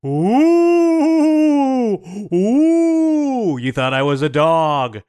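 A man voicing a menacing male shadow villain king, slow and theatrical in a comedy podcast bit. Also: on the high side, vocal fry, fairly bright tone, clear, resonant tone, no room sound, full character voice. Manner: slow theatrical hamming with drawn-out cries.

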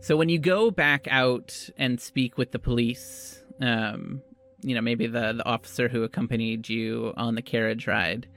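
A man's voice: mid-range voice, steady tone, a little slow, fairly bright tone, faint music behind. A man narrating a tabletop game as game master, in a loose, conversational way.

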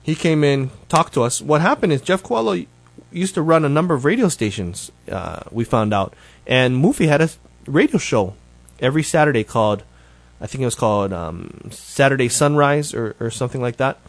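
A man hosts his show in a casual solo update, talking in a loose, rambling way and often correcting himself mid-sentence. His voice sits at an ordinary middle pitch. The recording is dry and close, with no room echo. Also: big pitch swings, moderate pace, gravelly, hardly any pauses. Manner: rambling, conversational, with frequent self-corrections. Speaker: show host.

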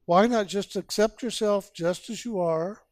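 A man's voice: high voice, no echo. A man giving a spiritual sermon as a teacher, urging listeners with repeated phrases and rhetorical questions. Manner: slow, repetitive exhortation with rhetorical questions.

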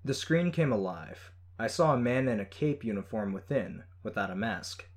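A man reading a first-person story in a steady, measured way. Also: fairly low pitch. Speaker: audiobook narrator. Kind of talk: scripted first-person narration.

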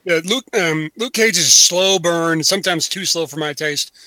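A man co-hosting a podcast in animated casual chat, with a high, bright voice. He often slips into mock voices to act out quotes. The sound is dry and close. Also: normal speed, no echo. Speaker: podcast co-host.

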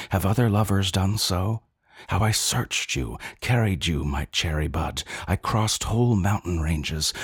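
A man giving intense, brooding narration of a story, slow and deliberate. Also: low voice, slightly rough, no echo, clean studio sound. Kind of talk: dramatic audiobook narration.

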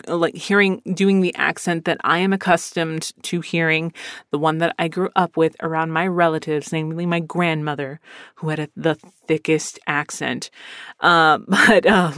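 A woman voice actor hosts her own podcast in a loose, candid monologue. She swears freely and tells stories with bursts of laughter. The sound is dry, with no room echo. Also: fairly low pitch. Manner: candid, profane, animated storytelling with laughs. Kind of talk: casual solo podcast talk.

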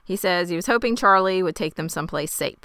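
A woman's voice: on the low side, fast, a bit bright, dry recording, clean studio sound. A woman co-hosting a podcast, recapping from her notes in a wry, casual way. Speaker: podcast co-host.

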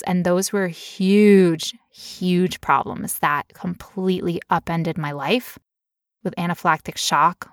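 A woman's voice: lowish voice, dry recording, studio quality. A woman telling a personal story in casual chat, candid and emotional, now and then putting on playful voices.

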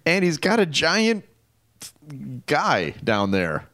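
A man co-hosting a radio talk show in casual banter, animated and laughing often as he reads items aloud. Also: on the high side, slow.

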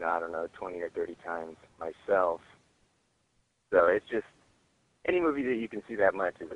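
A man calling in to a podcast, chatty and enthusiastic about a film he loves. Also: low voice. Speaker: caller, movie reviewer. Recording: tinny phone line.

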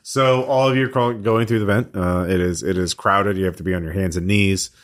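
A man narrating a tabletop game as game master, relaxed and chuckly, often hesitating with fillers. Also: low-pitched, fairly quick.

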